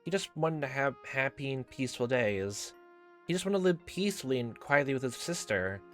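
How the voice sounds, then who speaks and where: A man voicing a gentle but guarded teenage girl in a visual novel, his voice raised and softened, turning from sweet to flat and mocking. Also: mid-range voice, fairly quick, faint music behind, natural voice. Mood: earnest. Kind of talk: dramatic reading of visual novel dialogue.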